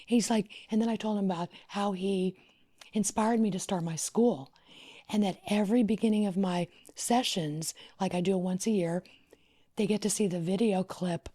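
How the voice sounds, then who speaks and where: A husky, breathy middle-aged woman from Louisiana, a wedding planner, tells her story as a guest on a podcast. Her pitch is medium and her speed normal, and she is expressive, often sinking to a near-whisper before rising with excitement in animated conversational storytelling.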